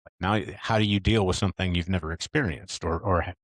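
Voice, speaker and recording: A man in his fifties with a low voice hosts the conversation, talking earnestly and reflectively from his own life. His voice sounds close and dry, with no room echo. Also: fast. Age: 50s. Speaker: podcast host. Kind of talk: conversational interview.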